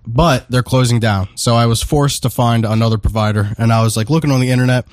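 A man's voice: medium pitch, fairly even intonation, fast, no echo, studio quality. A man hosting a podcast, telling a rambling, profane story in casual chat. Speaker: podcast host.

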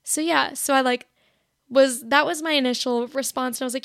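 Young woman, high voice, vocal fry, casual confessional chat, filler-heavy, close dry mic. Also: steady tone, a little fast, a bit bright, no echo. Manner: chatty, heavy "like" filler, acts out her own past lines. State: shaky, emotional. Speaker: podcast host.

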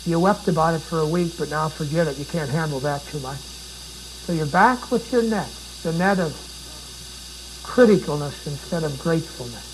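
A man's voice: a little high, normal speed, slight background noise, rough recording. A man preaching a sermon, dramatic and pleading, with repeated rhetorical questions.

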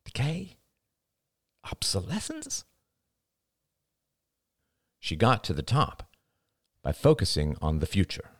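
A man narrating an audiobook in a measured, deliberate way, sometimes dropping to a hush for emphasis. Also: a bass voice, very animated, no room sound, clean studio sound.

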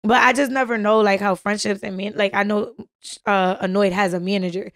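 A woman's voice: medium pitch, fairly even intonation, a little fast, a bit bright, no echo. A woman recording artist chatting casually, her voice sitting mid-range for a woman. She tells her stories in slangy, loose talk, retelling what people said to her. The sound is close and dry with no room around it. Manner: storytelling, slangy, retells exchanges. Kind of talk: casual chat.

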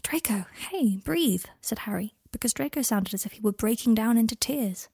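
A woman's voice: on the high side, a little fast, vocal fry, mellow, husky, dry recording, studio quality. A woman narrating a story aloud, reading every character's texts and dialogue herself. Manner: reads both characters' dialogue and texts in one voice. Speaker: fan fiction audiobook reader. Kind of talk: scripted narration.

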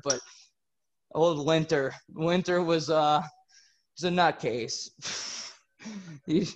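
A podcast host casually telling a story, animated and laughing through it. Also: male voice, a little high.

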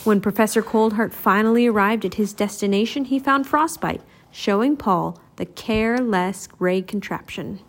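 A woman's voice: mid-range voice, normal speed, hardly any pauses. A woman reading a children's storybook aloud, narrating expressively. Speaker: storybook reader.

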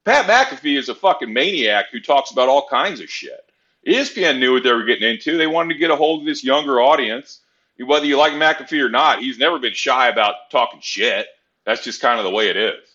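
A man's voice: mid-range voice, animated, fairly quick, sharp tone. A man talking sports on a podcast in a blunt, profane, rambling way. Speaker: podcast co-host. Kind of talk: casual sports chat. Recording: dull lo-fi sound.

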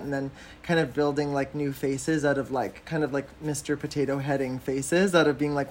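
A man's voice: fairly high pitch, fairly even intonation, fairly quick, few pauses. A man from Canada, a drag performer, chatting casually as a podcast guest, with many fillers and frequent laughs.

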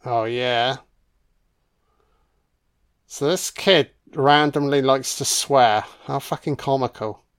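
A man's voice: mid-range voice, slow pace, pauses often, clear, resonant tone. A man giving casual, crude commentary on a horror film, sarcastic and swearing nonstop as he mocks the characters.

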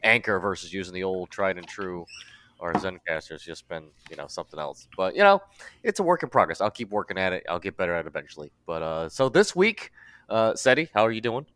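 A man's voice: deep voice, very animated, a little fast, fairly bright tone. A man hosting a casual podcast, rambling and breaking off mid-sentence, laughing at himself. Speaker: podcast host.

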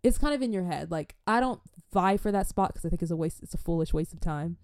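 A young woman talks straight to camera in an animated, slangy way, acting out the voices of the people she quotes. Her voice is mellow and warm. The sound is close and dry, with no room echo. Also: on the low side, quick pace. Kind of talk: casual storytime and faith talk.

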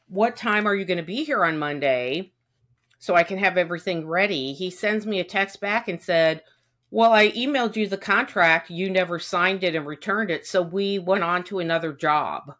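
A woman co-hosts a podcast in casual chat, her lowish voice a bit bright. She vents with plenty of swearing and acts out what people said.

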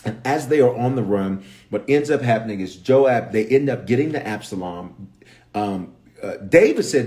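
A bishop with a Memphis accent teaches the Bible on a livestream. He tells the story in slangy, animated bursts and keeps turning to his viewers, his pitch swinging widely. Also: moderate pace. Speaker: bishop and pastor.

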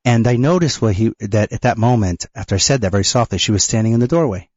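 A man co-hosting a radio talk show, telling a personal story in a halting way, with restarts and nervous laughs. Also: on the low side, darkish tone, breathy edge, no room sound, highs cut off. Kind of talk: conversational storytelling.

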